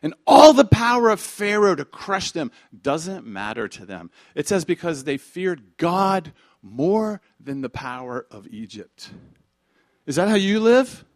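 A man preaching a sermon as pastor, animated, acting out quick character voices and swinging from soft asides to loud emphasis. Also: high-pitched, no room sound, clean studio sound. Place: church.

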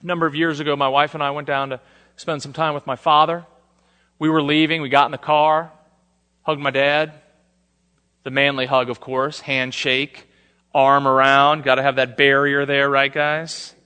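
A man preaching a sermon, shifting between soft, intimate lines and emphatic declarations. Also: mid-range voice, flat delivery, moderate pace, smooth. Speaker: pastor. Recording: long hall reverb.

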